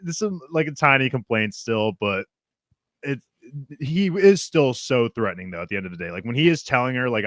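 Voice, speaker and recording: A man's voice: medium pitch, expressive, a little fast, dry recording, clean studio sound. A man co-hosting a podcast, chatting in a laid-back way and laughing often. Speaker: podcast co-host. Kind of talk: casual podcast discussion.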